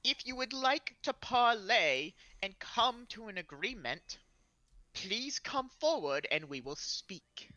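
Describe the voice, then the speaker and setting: Woman doing a brash male adventurer, commanding, booming, raised pitch, bright. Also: big pitch swings, takes it slowly, no room sound, full character voice, poor audio. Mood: diplomatic.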